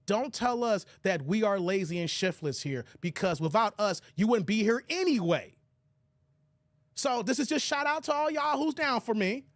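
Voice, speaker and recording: A man from the United States, hosting a casual live stream and talking straight to his chat, with animated bursts and laughter. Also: sits high, normal speed, no echo, studio quality.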